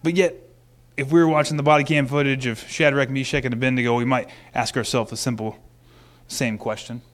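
A male pastor preaching a sermon, talking in animated swings between loud, pressing lines and hushed, quiet ones. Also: mid-range voice, a little fast.

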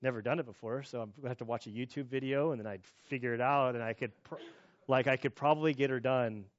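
A man's voice: mid-range voice, steady tone, fast talker, no room sound, dull audio. A man in his thirties preaching a sermon as pastor, in a loose conversational way with restarts and asides.

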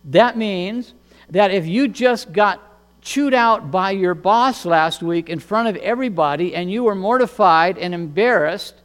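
High-voiced pastor preaching in a hall. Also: male voice, a bit bright. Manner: earnest, repeats words, measured pauses. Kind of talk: sermon.

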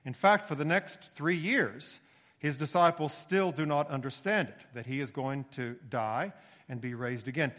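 Long hall reverb surrounds a male preacher speaking at normal speed with a medium-pitched voice. His expository sermon is steady and explanatory, punctuated by occasional emphatic rises.

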